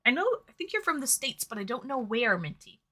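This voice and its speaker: Bright lively Massachusetts woman streamer. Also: fairly high pitch, fairly quick. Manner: chatty, reads chat aloud, eats between words. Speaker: streamer hosting online dates. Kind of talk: casual livestream chat.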